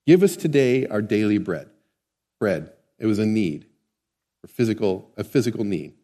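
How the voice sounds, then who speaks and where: A man's voice: fairly low pitch, animated, moderate pace, warm tone. A man preaching a sermon in a conversational way, often asking the congregation questions. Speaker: pastor. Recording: long hall reverb.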